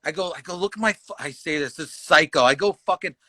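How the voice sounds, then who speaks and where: A man's voice: on the high side, fairly quick, sharp tone, dry recording. A man from Canada, a comedian guest, telling a rambling, profane story in casual chat and acting out the quotes heatedly. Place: livestream talk show.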